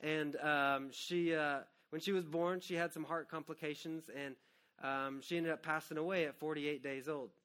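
A man in his thirties, a pastor preaching an earnest, personal sermon that swings from hushed to loud. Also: on the high side, steady tone, moderate pace, clean tone.

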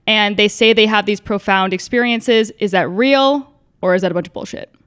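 A woman's voice: mid-range voice, normal speed, a bit bright, smooth. Chatty woman podcast co-host. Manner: explains topics from notes, chatty with fillers. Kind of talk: casual chat.

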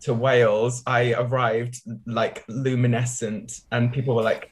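A man's voice: mid-range voice, a little slow. Easygoing man telling stories on a podcast. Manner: relaxed storyteller with many ums and light laughs. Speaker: podcast co-host. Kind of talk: casual podcast chat.

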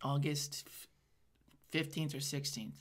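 A woman's voice: low voice, fairly even intonation, slow. A woman co-hosting a podcast in casual chat, blunt and profane, often acting out quotes. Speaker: podcast co-host.

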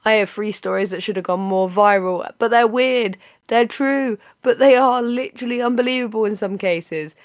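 Woman podcast host, slightly raspy voice, playful chatty delivery, dry close sound. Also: on the high side, normal speed, hardly any pauses, no echo. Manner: chatty, playful, laughs often. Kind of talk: casual podcast chat.

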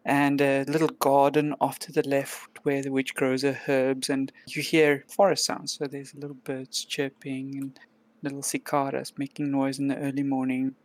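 Low-voiced woman game master. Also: normal speed, no echo. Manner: calm, descriptive storytelling. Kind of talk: narrating a tabletop game.

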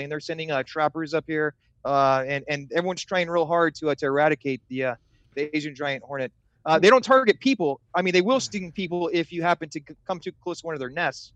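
Guy beekeeper on a podcast, lots of uhs, a bit high, dry close mic. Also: fast talker, a bit bright, no room sound, dull audio. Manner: hesitant, many filler words. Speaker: beekeeper guest. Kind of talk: casual podcast chat.

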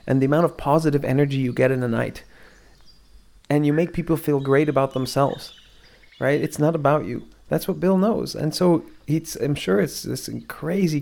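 Man, podcast host, gravelly voice, casual rambling chat, laughs a lot. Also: a little high, darkish tone. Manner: rambling, laughing, restarts often.

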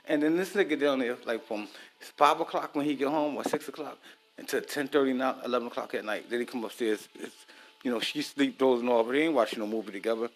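A man's voice: mid-range voice, a little fast. A married man talks to viewers in loose, profane casual chat while he cooks. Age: adult, married. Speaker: vlogger.

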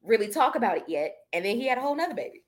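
A young woman co-hosting a podcast, talking through celebrity gossip in a casual, expressive, slangy way. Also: on the high side, rapid-fire. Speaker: podcast co-host.

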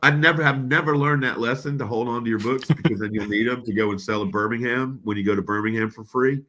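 A man's voice: mid-range voice, quick pace, pushed and bright. A man, an author guest, chatting casually and swearing, saying "man" a lot. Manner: laid-back, swears, says "man" often. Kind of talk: casual chat.

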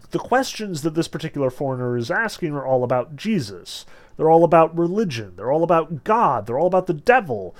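Male literature teacher, lively chatty delivery, pitch swinging widely, slightly high voice. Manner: animated, conversational with frequent fillers. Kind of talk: lecture discussing a novel.

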